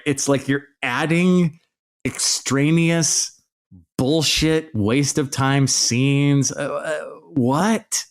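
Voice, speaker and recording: A man hosting a podcast, delivering an exasperated, sarcastic solo rant with plenty of swearing. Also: medium pitch. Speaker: podcast host.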